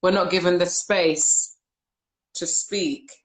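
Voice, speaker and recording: A woman's voice: lowish voice, steady tone, takes it slowly. A woman hosting a live discussion, telling reflective stories and reading viewer comments aloud over a video call. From United Kingdom. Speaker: host. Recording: roomy echo.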